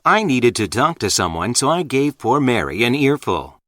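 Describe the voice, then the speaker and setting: A man reading example sentences for an English lesson in a careful, even read. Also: medium pitch, moderate pace, no echo, studio quality.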